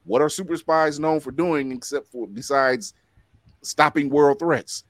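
A man co-hosting a casual chat show, animated, joking and acting out quotes. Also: a little high, no echo. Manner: animated, quick to joke, acts out quotes. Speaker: podcast co-host.

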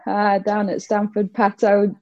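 A woman's voice: medium pitch, completely flat delivery, measured pace, a little mellow, no echo, highs cut off. A young woman from Yorkshire with a Yorkshire accent and a slight Australian twang, chatting upbeat as a podcast guest. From Yorkshire, England. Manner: chatty, upbeat, laughs easily. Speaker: guest cricketer. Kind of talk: casual interview chat.

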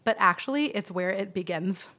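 Animated woman telling a wild story. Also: medium pitch, moderate pace. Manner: animated storyteller, acts out quoted voices, swears freely. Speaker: podcast host. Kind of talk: casual storytelling chat.

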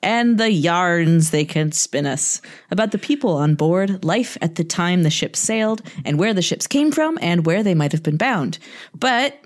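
Playful woman co-host, casual chat, a bit low in pitch. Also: lively intonation, a little slow. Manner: playful, laughing often. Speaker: podcast co-host.

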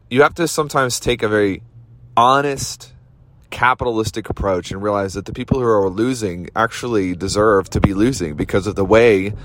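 Blunt, fired-up man hosting a podcast. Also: fairly low pitch. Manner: blunt, casual, fired-up with slangy greetings. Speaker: podcast host. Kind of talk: motivational monologue.

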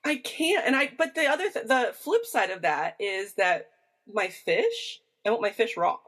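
A woman with a Midwestern American accent co-hosts a relaxed podcast. She talks in a chatty, animated way and keeps wandering into side notes. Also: mid-range voice, normal speed. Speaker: podcast co-host. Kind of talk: casual chat.

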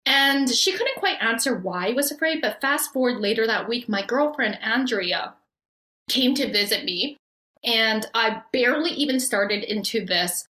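A woman's voice: on the high side, moderate pace. Bubbly, laughing Canadian woman in a roomy echo. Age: 40s. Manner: bubbly, laughs often, animated storyteller. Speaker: podcast guest. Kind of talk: storytelling in conversation.

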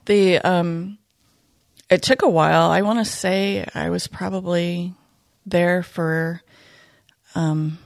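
A woman, a retired police dog handler, talking reflectively in a casual podcast conversation, pausing often. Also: on the low side, fairly even intonation, vocal fry, no room sound, studio quality. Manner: reflective, soft-spoken, many pauses and fillers.

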